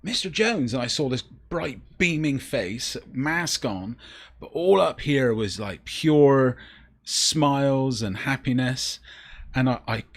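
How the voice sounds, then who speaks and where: A man's voice: medium pitch, lively intonation, slow. A man from Bristol, England, a teacher co-hosting a podcast, telling stories in a reflective, casual way. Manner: storytelling, reflective, with restarts and fillers. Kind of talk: casual chat.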